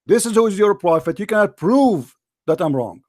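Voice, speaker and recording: High-pitched guy hosting a call-in debate, mocking, combative, keeps repeating himself. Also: lively intonation, normal speed, a little mellow, dry recording, studio quality. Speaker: host of a call-in debate show.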